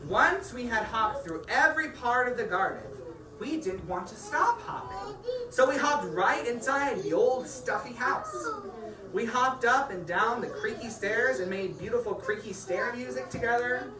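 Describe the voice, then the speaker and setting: Animated woman reading a picture book aloud. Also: fairly high pitch, a little slow. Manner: animated and playful, chatting to the kids between pages. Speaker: storyteller reading to children. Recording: echoey room from far off. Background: children's chatter.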